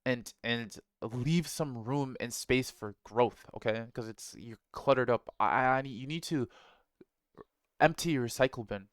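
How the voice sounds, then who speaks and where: Brief: male host, casual motivational monologue, blunt and profane, smooth clear voice, dry close sound. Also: medium pitch, a little slow, no echo. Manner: blunt, profane, slangy, rhetorical "right?".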